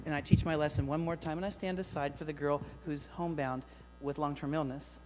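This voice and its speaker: A middle-aged man giving a lively, joking keynote talk to teachers, speaking straight to the audience. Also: fairly high pitch, a little fast, faint music behind. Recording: long hall reverb with faint mains hum.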